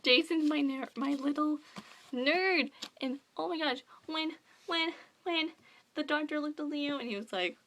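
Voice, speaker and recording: A young woman in a casual book review vlog, gushing and excitable, rambling with lots of fillers. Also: high voice, unhurried. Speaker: book vlogger.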